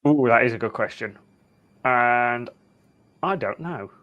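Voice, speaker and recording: A man's voice: mid-range voice, animated, measured pace, fairly bright tone, lo-fi sound. Wry man, easy chat. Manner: easygoing, wry and chatty with a dry humour. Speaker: podcast guest. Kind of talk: casual interview chat.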